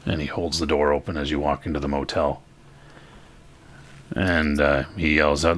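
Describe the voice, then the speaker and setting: Very deep-voiced, slow game master. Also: male voice, level tone, fairly bright tone. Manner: slow, halting narration with many fillers. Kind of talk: narrating a tabletop game.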